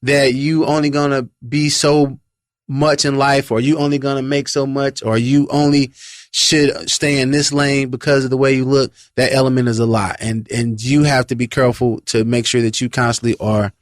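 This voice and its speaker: A man's voice: medium pitch, steady tone, moderate pace, dry recording, studio quality. A man in a casual group discussion, speaking emphatically and repeating phrases for stress. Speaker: discussion panelist.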